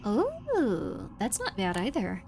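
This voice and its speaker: A woman streaming a horror game live, chatting in a rambling way, full of "like", venting about the combat and then softening. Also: a little high, normal speed, noisy background. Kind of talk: live gameplay commentary. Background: game music.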